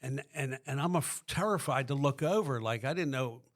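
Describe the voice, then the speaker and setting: A man's voice: medium pitch, normal speed. A middle-aged man from Pennsylvania, a podcast guest, tells his recovery story in a rambling way, full of restarts.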